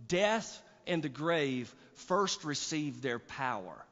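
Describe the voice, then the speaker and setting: Pastor preaching in a reverberant church. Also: male voice, fairly high pitch, expressive, takes it slowly, hardly any pauses, a bit bright. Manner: emphatic preaching with rising bursts and repeated words. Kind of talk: sermon. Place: church sanctuary. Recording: church hall reverb, dull lo-fi sound.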